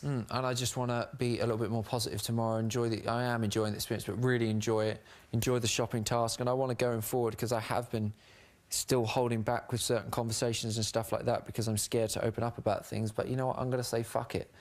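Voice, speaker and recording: A man's voice: medium pitch, flat delivery, quick pace. A man housemate confiding in a casual chat, earnest and self-explaining, often restarting his sentences. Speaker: reality show housemate.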